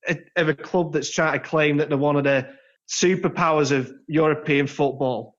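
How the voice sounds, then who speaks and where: Jokey higher-voiced man on lo-fi audio. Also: steady tone, normal speed. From England. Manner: chatty, jokey, trails into laughs. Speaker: podcast co-host. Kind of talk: casual football chat. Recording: slightly dull lo-fi sound.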